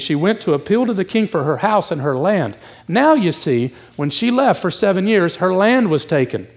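A middle-aged man preaching in a casual, emphatic way, slightly breathless as he goes. His voice sits a bit high for a man, and he slips into the voices of the people in the story as he tells it. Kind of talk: expository sermon.

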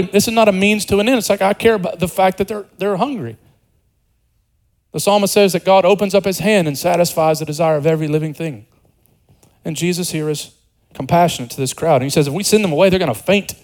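A man's voice: high-pitched, poor audio. A man preaching an expository sermon in a conversational way, repeating words and dropping joking asides.

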